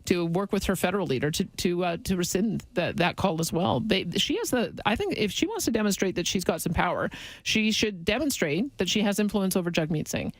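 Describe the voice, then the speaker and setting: A politician giving a statement in a clip, halting and restarting phrases often. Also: mid-range voice, dry recording, low-quality recording.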